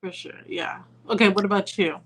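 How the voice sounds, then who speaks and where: A woman co-hosting a motherhood podcast, chatting in a relaxed, conversational way. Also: medium pitch, normal speed. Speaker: podcast co-host. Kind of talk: casual chat.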